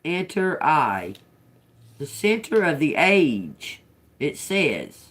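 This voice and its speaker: This tarot reader speaks very slowly in a low, sing-song voice on a live stream. She muses over single words, sounding them out, before slipping into chatty, laughing asides full of profanity.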